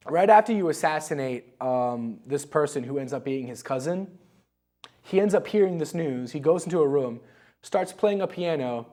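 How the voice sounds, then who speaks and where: A man's voice: on the high side, mellow. A man co-hosting a video game show, chatting loosely and rambling through a review, laughing at his own stories. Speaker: co-host of a gaming show. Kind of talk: casual game review chat.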